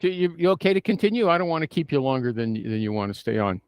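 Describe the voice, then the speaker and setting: A man's voice: fairly high pitch, sing-song, quick pace, clean tone, dry recording. A man hosting an interview show, asking probing questions, checking in with "okay?" and teasing his guest. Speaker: show host. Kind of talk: casual interview chat.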